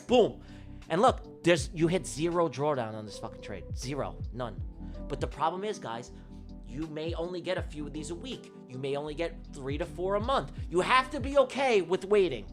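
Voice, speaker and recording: High-voiced emphatic man hosting a trading stream. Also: fairly bright tone. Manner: emphatic, repetitive, swears casually. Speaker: livestream trading host. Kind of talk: live day-trading commentary.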